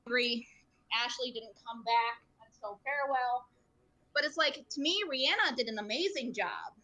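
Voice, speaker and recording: Bright, earnest woman on a podcast. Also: fairly high pitch, expressive, normal speed. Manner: earnest, emotional, rambling with fillers. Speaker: podcast guest, streamer. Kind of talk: casual podcast chat.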